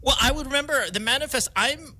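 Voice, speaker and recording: A man with a Filipino accent hosting a radio show, telling a story in an animated way and laughing often. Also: very high-pitched, fast talker. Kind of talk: casual studio banter. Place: radio studio.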